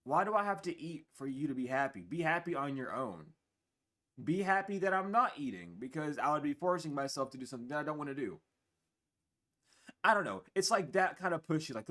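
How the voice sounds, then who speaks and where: A man's voice: medium pitch, brisk. A man in his twenties giving a casual spiritual reading to camera, blunt and profane, tired and with the hiccups. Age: 20s. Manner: blunt, profane, animated, acts out other people's voices. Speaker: tarot reader. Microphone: camera mic.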